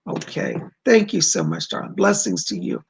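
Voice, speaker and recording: Gravelly-voiced man giving psychic readings. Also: high-pitched, huge pitch swings, moderate pace, slight background noise. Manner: reads viewer questions aloud then relays spirit messages; gentle, reassuring, calls people darling. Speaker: psychic medium doing live chat readings. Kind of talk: live stream chat readings.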